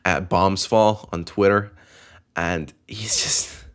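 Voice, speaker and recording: A man's voice: low-pitched, steady tone, slow pace, clear, resonant tone. A young man hosting a casual podcast, rambling with lots of fillers and frequent laughter. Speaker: podcast host.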